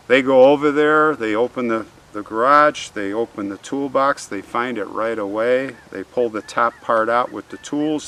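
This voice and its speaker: A man with a fairly low voice tells a true crime story casually and with energy, acting out the people in it as he goes. He sits a little back from the mic, and a faint hum of traffic runs under him outdoors. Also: far from the mic. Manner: animated, conversational, acts out quotes.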